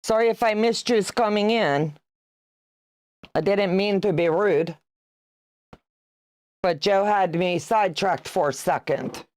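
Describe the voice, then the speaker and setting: A woman in her sixties talks at an unhurried, easy pace as she hosts a sewing livestream. She keeps up chatty banter with her viewers and teases them between laughs. Her voice sounds dry and close, with little room echo. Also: lowish voice, darkish tone. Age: 60s. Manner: chatty and teasing, reads out viewer comments, laughs often. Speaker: quilting livestream host. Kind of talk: casual livestream chat while sewing.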